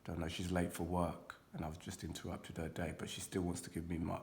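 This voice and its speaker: A man's voice: low-pitched, monotone, fairly quick, gravelly, a little mellow, a little hiss or hum. A young man giving a casual, rambling card reading to his viewers, talking loosely and swearing now and then. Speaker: intuitive card reader.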